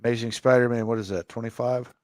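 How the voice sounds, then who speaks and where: A man's voice: medium pitch, steady tone, fast, darkish tone, no echo, studio quality. A man co-hosting a casual live chat, wry and teasing as he goes through a pile of items. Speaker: co-host.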